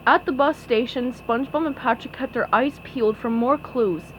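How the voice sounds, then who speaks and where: A woman reading a children's storybook aloud in an expressive way. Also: fairly high pitch, moderate pace, highs cut off, a little hiss or hum. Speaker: storybook reader.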